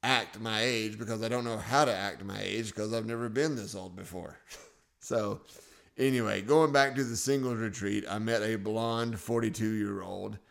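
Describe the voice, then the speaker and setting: A man's voice: lowish voice, steady tone, moderate pace, vocal fry, fairly bright tone. A man in his forties hosting his own podcast, telling personal stories in a casual, self-joking way from a studio. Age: 40s. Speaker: podcast host.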